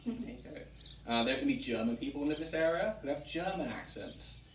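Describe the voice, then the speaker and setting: A man from England hosting a relaxed chat, explaining at length with frequent ums. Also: fairly high pitch, fast. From England (Wiltshire). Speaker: museum director and host. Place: historic tavern room, indoors. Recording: roomy, distant mic, faint background noise.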